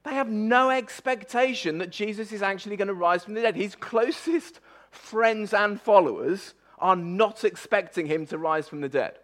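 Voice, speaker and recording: Male preacher, slightly high voice, emphatic conversational sermon, restarts and repeated words. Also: normal speed, fairly bright tone. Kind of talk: conversational sermon on a Bible passage.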